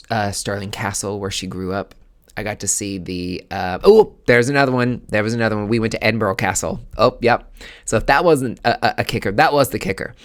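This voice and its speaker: A man's voice: lowish voice, fairly bright tone. A man hosting a podcast, telling a personal story in a casual, rambling and emotional way, full of fillers. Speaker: podcast host.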